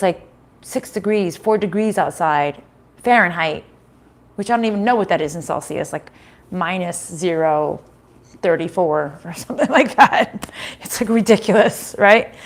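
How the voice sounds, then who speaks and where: A middle-aged woman giving a casual live-stream tarot reading from home, chatty, swearing now and then and laughing often. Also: medium pitch.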